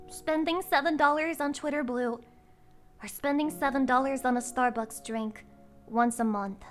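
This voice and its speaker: Woman VTuber streamer, high bright voice, excitable, swears a lot, faint music behind. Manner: excitable, profane, bursts into shrieking laughter. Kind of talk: casual live-stream chat.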